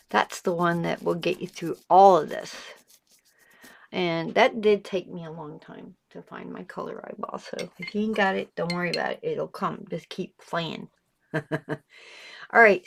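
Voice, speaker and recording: A woman's voice: on the low side, creaky. A woman with a slight lisp hosting a casual painting tutorial, chatty and encouraging, laughing often and swearing freely. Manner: chatty, giggly, salty, encouraging. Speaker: art channel host.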